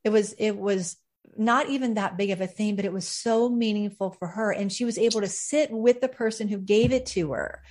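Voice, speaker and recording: Female podcast host, mid-pitch voice, reflective conversational delivery, faith interview. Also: moderate pace. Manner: warm-hearted, reflective, with frequent fillers.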